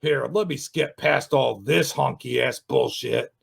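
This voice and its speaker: A man reviewing another YouTube channel in an angry, sarcastic rant, swearing and shouting often. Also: medium pitch, slow pace, gravelly, husky. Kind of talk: ranting video commentary.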